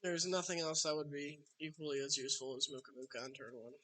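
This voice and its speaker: A man streams a card game live, chatting casually and talking to his opponent as he plays. His voice is fairly high, level in tone, fast, pushed, and bright.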